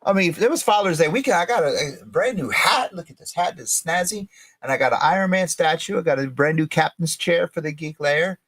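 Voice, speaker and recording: A middle-aged man hosting a podcast live stream, excitable and rambling, with lots of restarts. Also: on the high side, brisk. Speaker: podcast host. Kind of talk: casual live-stream chat.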